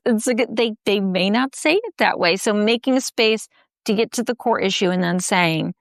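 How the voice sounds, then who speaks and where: A woman talks through parenting advice in a casual live chat. Her pitch sits mid-range and the recording is dry and close. She often slips into short acted lines of what a parent might say. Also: lively intonation, moderate pace, gravelly, dry recording. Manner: explains with acted-out parent quotes. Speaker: book author guest.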